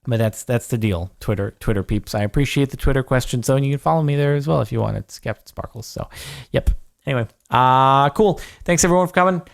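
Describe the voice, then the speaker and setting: A man's voice: medium pitch, fast talker, creaky. A young man answering viewer questions on a livestream in a casual, rambling way, with lots of fillers and dry humor.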